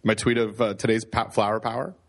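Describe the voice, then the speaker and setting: A man's voice: on the low side, little pitch movement, brisk, gravelly. Rambling, joking Canadian man. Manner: rambling, self-deprecating joker. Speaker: podcast co-host. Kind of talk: casual chat.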